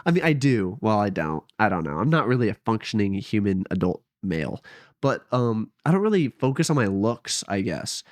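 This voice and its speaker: A man's voice: fairly low pitch, sing-song, normal speed, no echo, studio quality. A young man vlogging casually from home on a headset mic, rambling and hesitant, often trailing off and poking fun at himself. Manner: rambling, hesitant, self-deprecating. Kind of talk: casual late-night vlog.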